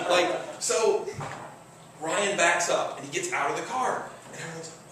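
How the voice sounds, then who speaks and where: A man's voice: on the high side, expressive, a little fast, fairly bright tone, slight background noise. A man from Michigan telling a funny true story on stage in a casual way, full of fillers and with a chuckle in his voice. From Michigan, USA. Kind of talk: live comedic storytelling. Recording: very echoey room, distant mic.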